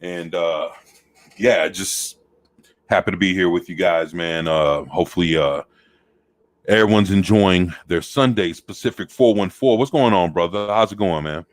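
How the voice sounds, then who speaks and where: A deep-voiced man chats easily on a podcast, calling out viewers by name. His voice sits very low. The sound is dry and close. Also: moderate pace, no echo. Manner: laid-back, greets chat viewers by name. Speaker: podcast co-host. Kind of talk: casual chat.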